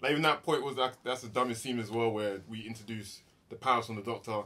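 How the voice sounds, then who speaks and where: A man's voice: mid-range voice, fairly even intonation, fast, pushed and bright. A young man, chatting casually as co-host of a movie review, explaining plot points. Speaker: podcast co-host.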